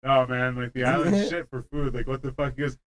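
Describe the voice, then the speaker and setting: A man's voice: mid-range voice, fairly quick, rough recording. Rambling young guy swearing. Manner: rambling storytelling, heavy "like" filler, frequent swearing. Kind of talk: casual chat among friends.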